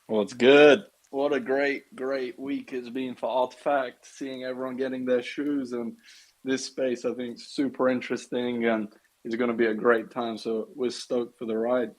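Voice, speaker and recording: A man speaking as a guest in an online chat, enthusiastic in an even way. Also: mid-range voice, moderate pace, low-quality recording. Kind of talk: casual chat.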